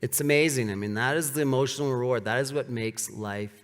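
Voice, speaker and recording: A man giving a casual, animated storytelling talk on stage, with many "like" fillers. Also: mid-range voice, brisk, a little hiss or hum. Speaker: speaker giving a live talk. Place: large hall with an audience. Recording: reverberant hall.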